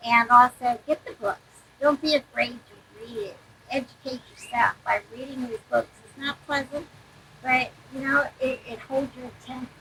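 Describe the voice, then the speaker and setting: A woman's voice: a little high, vocal fry, noisy background. A woman, a book publisher, earnestly urging her audience to read the books. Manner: earnest, pleading appeals. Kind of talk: promotional talk addressed to an audience.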